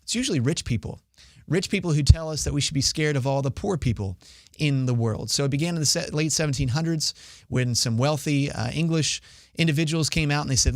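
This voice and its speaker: A man's voice: fairly high pitch, brisk, dry recording, studio quality. A young man hosting his own podcast, giving opinionated solo news commentary with many "uh" fillers. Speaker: podcast host.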